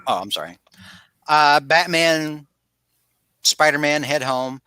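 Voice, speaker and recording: Taking it slowly, a podcast co-host animatedly retells a story in casual chat, performing quoted lines and frequently starting over. His voice is on the high side, bright, forward and clean in tone. It's recorded dry and close, without echo.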